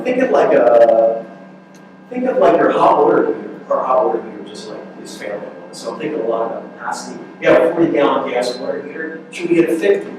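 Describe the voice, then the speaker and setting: A man's voice: mid-range voice, a little mellow. A man speaking as a counselor at a relationship workshop, talking in a loose, conversational way, repeating words and often asking "right?". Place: large room at a church youth ministry event. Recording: echoey hall from far off, faint noise.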